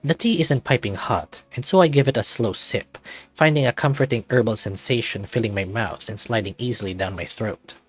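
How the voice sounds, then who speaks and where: Husky-voiced man narrating a story. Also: medium pitch, a little fast. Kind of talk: first-person storybook narration.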